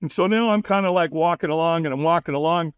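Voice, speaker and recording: This man's voice is fairly high, quick, and clean-toned, captured in a dry recording that sounds dull. As a podcast guest, he tells a story with lots of energy, laughing often and acting out quoted speech.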